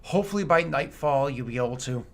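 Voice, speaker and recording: A man's voice: medium pitch, expressive, fast talker. A man running a tabletop game as game master, narrating in an easygoing, meandering way.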